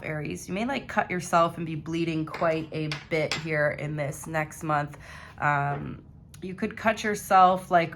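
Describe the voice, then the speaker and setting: A woman's voice: lowish voice, fairly bright tone, a little hiss or hum. A young woman giving a casual monthly tarot reading to her viewers, chatty and rambling as she talks straight to them. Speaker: tarot reader.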